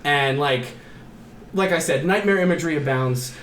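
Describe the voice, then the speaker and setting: A man on a casual podcast retells a horror movie scene by scene, slipping into the characters with gasps, shouts and plenty of swearing. His voice sits a little high. The room is echoey, with faint background noise. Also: moderate pace. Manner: animated storyteller, acts out characters with gasps and shouts, swears often. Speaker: podcast co-host.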